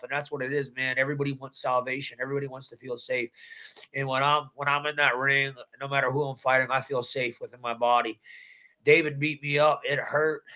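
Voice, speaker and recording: Man, fighter, post-fight interview, intense emphatic storytelling, sharp bright tone. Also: medium pitch. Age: adult. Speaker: bare-knuckle fighter.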